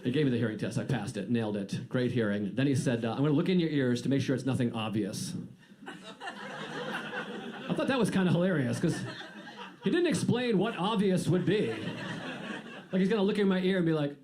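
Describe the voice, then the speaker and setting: A man's voice: a little high, expressive, brisk, pauses often, a crowd in the background. A man from the United States doing a stand-up comedy routine, telling stories in a dry, self-deprecating way. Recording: noisy live recording.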